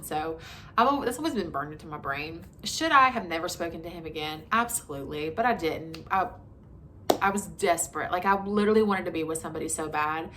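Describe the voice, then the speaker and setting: In a candid storytime video, a twenty-something vlogger speaks openly to her camera, conversational and full of "likes" and "ums." Her low voice is expressive, bright and forceful, and fairly quick, with a little hiss or hum in the recording.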